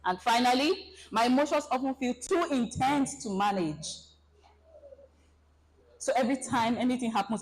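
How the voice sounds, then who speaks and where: A woman giving a relationship seminar, animated and acting out everyday scenarios for her audience. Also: a little high, normal speed, pauses often, slight background noise, low-quality recording. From Nigeria. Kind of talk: presentation talk to an audience.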